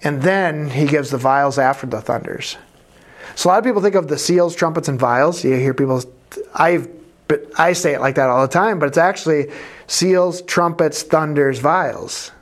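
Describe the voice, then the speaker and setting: A man's voice: a little high, normal speed. A man teaching a conversational Bible study, thinking aloud and correcting himself as he explains.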